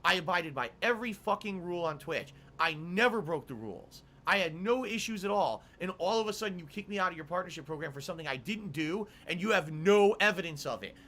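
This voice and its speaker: Indignant middle-aged man, swearing rant, high and bright. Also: lively intonation, brisk, hardly any pauses. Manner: indignant, swearing, repeating demands. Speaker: streamer. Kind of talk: angry rant to camera.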